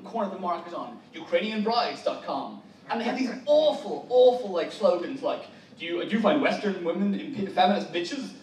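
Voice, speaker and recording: Wry Irish comedian in an echoey hall. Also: male voice, high voice. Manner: wry, rambling, self-correcting. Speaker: stand-up comedian. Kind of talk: stand-up comedy set. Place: large hotel conference hall. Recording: echoey hall, distant mic, noisy.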